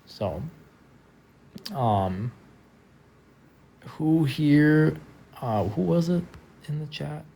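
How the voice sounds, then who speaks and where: A tired man talking casually on a live stream from a friend's house, soft-spoken and trailing off with lots of fillers. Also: a little high, animated, very slow, creaky, pauses often. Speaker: livestreamer.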